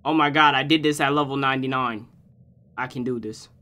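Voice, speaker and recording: A young man hosting a gaming channel, joking and trash-talking his way through a horror game, swinging from low mutters to loud yelps. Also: fairly even intonation, a little fast. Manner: joking trash talk at the game's granny. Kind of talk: horror game let's play commentary.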